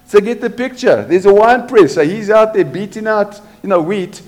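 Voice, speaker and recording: A man's voice: sits high, animated, moderate pace, darkish tone. A man preaching a sermon, asking his congregation rhetorical questions as he goes. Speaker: pastor.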